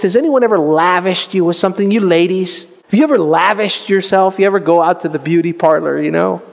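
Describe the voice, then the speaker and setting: A man preaching a sermon in an animated, conversational way, full of asides and questions to the congregation. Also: high voice, long reverb tail. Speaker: pastor.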